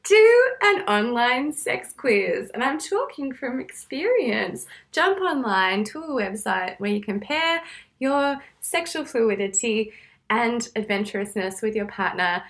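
A woman's voice: on the high side, lively intonation, unhurried. A woman co-hosting a comedy podcast, bubbly and giggly, joking playfully. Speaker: podcast co-host. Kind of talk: comedic casual chat.

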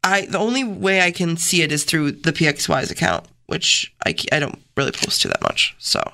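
Female radio cohost, lower voice, bright tone, chatty and emphatic. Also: expressive, vocal fry. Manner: chatty, emphatic, quick asides. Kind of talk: casual radio banter.

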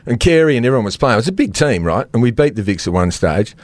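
A middle-aged Australian man co-hosting a sports podcast, telling stories with lots of laughs and animated swings into quoted voices. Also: fast talker, no room sound. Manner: animated storyteller, laughs often, jumps pitch for quoted voices. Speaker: podcast co-host. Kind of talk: casual sports chat.

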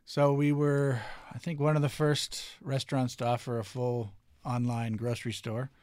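A man's voice: medium pitch, little pitch movement, normal speed, a little mellow, no echo, studio quality. A man who co-owns a restaurant, answering interview questions in an easygoing way with many filler words. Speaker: restaurant co-owner, guest.

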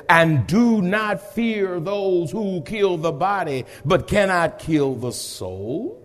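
A man preaching a sermon, reading scripture and calling on the congregation to repeat after him, swinging from hushed lines to shouts. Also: high voice. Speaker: pastor. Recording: long hall reverb.

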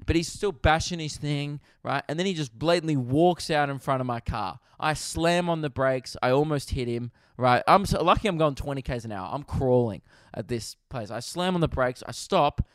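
A man's voice: a little high, normal speed, clean tone, no room sound, studio quality. A young Australian man hosting a podcast, telling a funny story in a laid-back way, swearing freely and laughing at himself. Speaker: podcast host. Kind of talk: casual storytelling.

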